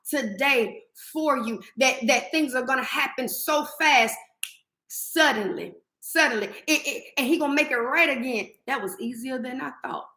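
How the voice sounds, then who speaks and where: A woman's voice: high-pitched, a bit bright, reverberant. A woman hosting a faith-filled morning live stream, exuberant and preachy, breaking into song and affirmations. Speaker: host.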